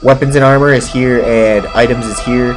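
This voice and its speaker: A man's voice: mid-range voice, steady tone, normal speed, rough recording. A man giving let's play commentary in a sarcastic way, mocking the game's dialogue as he plays. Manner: sarcastic, mocking the game dialogue in silly voices. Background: game music.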